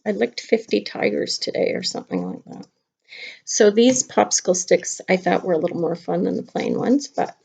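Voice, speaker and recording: A middle-aged kindergarten teacher chatting playfully to young children during a craft lesson at home. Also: female voice, mid-range voice, gravelly, a little mellow, slightly rough. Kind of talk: casual craft lesson to camera. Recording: dull lo-fi home video.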